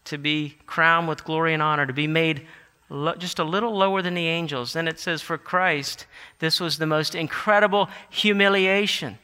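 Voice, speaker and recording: A man preaching a sermon, animated and building to emphatic declarations. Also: a little high, normal speed, clear, resonant tone. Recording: long hall reverb.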